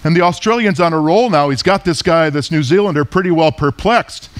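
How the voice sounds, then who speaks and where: A man's voice: fairly high pitch, a little fast. A middle-aged man giving a casual, chatty lecture on a country's culture, joking as he goes and often correcting himself mid-sentence. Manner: chatty, jokey, self-correcting. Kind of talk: casual travel lecture with storytelling.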